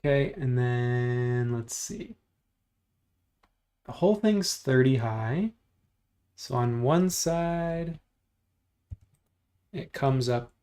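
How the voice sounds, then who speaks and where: A man hosting a livestream, chatting casually and thinking out loud as he builds 3D models, joking and teasing himself along the way. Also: mid-range voice, lively intonation, very slow, pauses often, clear, resonant tone. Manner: joking, self-deprecating, thinks out loud while clicking. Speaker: livestream host modeling in 3D software. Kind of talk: casual livestream chat while working.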